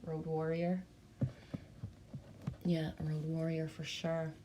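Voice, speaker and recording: Speaking slowly in a deep, monotone voice, this Canadian-accented woman runs a relaxed livestream and reads out the chat. Though her delivery is flat, she's chatty and bubbly, calling viewers by name and cursing offhandedly over background noise.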